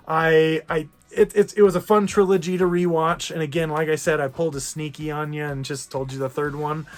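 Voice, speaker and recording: A man hosting a casual movie discussion, rambling and correcting himself often over faint music. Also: on the high side. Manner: rambling, with frequent self-corrections and filler. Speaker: host.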